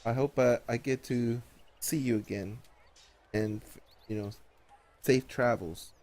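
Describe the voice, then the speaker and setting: A gentle, courteous male druid , as a game master puts him on for a tabletop game. He speaks kindly and unhurriedly. His voice sits a touch above the narrator's own. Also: medium pitch, steady tone, takes it slowly, natural voice.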